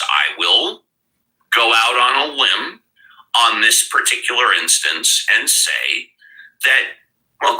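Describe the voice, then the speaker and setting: A man's voice: mid-range voice, bright, forceful tone, poor audio. An older man hosting a live-stream talk show, blunt and emphatic, swearing at times. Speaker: podcast host.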